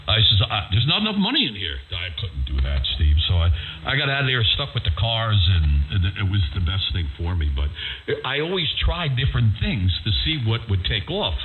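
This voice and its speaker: A man's voice: mid-range voice, big pitch swings, a little fast. An older man chatting casually over ham radio, a folksy storyteller who acts out the people in his tales. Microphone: radio transceiver microphone. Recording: over-the-air ham radio audio, narrow with faint hiss.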